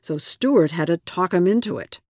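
A man narrating a news feature in a measured, scripted way. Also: high-pitched, lively intonation, darkish tone, no room sound, studio quality. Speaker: correspondent, narrator.

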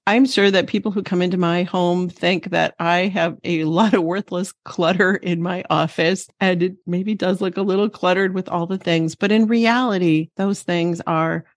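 A woman's voice: lowish voice, steady tone, moderate pace, hardly any pauses, dry recording. A woman co-hosting a podcast for teachers, speaking in an earnest, encouraging way. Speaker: podcast co-host. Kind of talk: reflective podcast talk.

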